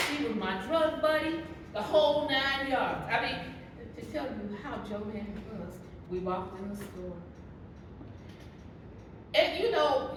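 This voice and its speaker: A woman leading a Bible study, telling her own story in testimony style and acting out the voices of the people in it. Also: a little high. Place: church hall. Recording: echoey room from a distance, with background noise.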